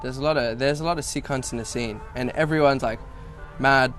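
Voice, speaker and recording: A man's voice: mid-range voice, a little fast, a bit bright, slight background noise. Laid-back sweary Western Sydney guy. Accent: Western Sydney Australian. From South-West Sydney, Australia. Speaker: rapper interviewee. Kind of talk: casual interview chat.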